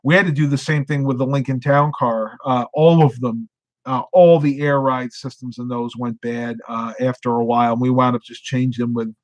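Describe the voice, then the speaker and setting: A man's voice: mid-range voice, steady tone, normal speed, no room sound. A sleepy middle-aged man chatting casually on a live stream, rambling and reading viewer comments aloud. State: sleepy, yawning.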